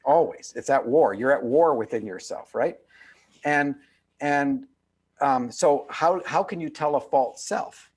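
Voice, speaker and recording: A man over fifty, an author appearing as a guest, gives a reflective interview over video call. His medium-pitched voice is measured and slightly breathy, and he speaks earnestly and emphatically, repeating phrases for weight.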